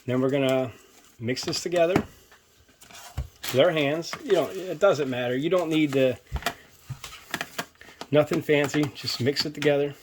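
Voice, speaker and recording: A man's voice: a little high, unhurried, pauses often, noisy background. A man hosting a casual home cooking demonstration in his kitchen, rambling and chatty and poking fun at himself. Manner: rambling, chatty, self-mocking. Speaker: cooking video host.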